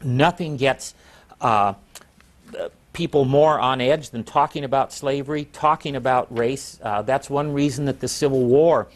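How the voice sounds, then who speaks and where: A man, a historian, answering interview questions in a measured, reflective way. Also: mid-range voice.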